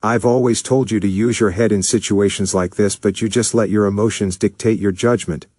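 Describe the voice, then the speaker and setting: A man's voice: lowish voice, steady tone, a little fast, a little mellow, no echo, clean studio sound, natural voice. A man doing a stern scientist mentor. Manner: scolding, lecturing.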